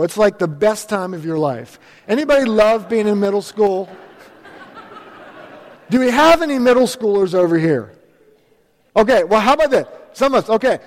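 A man's voice: high-pitched, expressive, moderate pace. A middle-aged male pastor preaching a chatty, joking sermon to his congregation. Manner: upbeat, chatty, jokes with the congregation. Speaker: transitional pastor. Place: church sanctuary. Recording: long church hall reverb.

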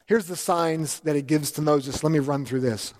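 High-voiced man preaching in a reverberant hall. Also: moderate pace. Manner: animated, acts out quoted lines with big pitch jumps. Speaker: pastor. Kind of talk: sermon.

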